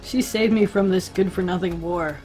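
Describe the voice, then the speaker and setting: Vengeful young cook, voiced by a woman: grim and bitter, low-key. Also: steady tone, normal speed, darkish tone, faint music behind, close to an everyday voice.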